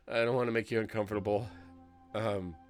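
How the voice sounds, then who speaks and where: A male streamer talking live over his game, excitable and loud at one moment and close to tears the next, his pitch swinging widely. Faint music sits in the background. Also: unhurried. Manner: excitable, swinging to tearful and emotional. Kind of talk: live-streamed gameplay commentary.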